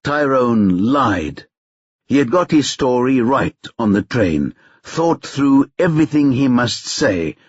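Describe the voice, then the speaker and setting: In a measured, even storytelling style, a male audiobook narrator reads a scripted thriller. His mid-range voice is slightly rough, and the recording is dull, lo-fi and dry.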